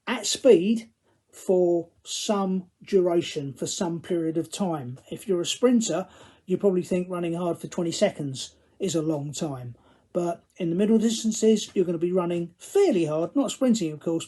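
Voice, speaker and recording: A man's voice: on the high side, dark tone. A male running coach giving instructional advice to camera, glancing at his notes, with dry self-deprecating humour.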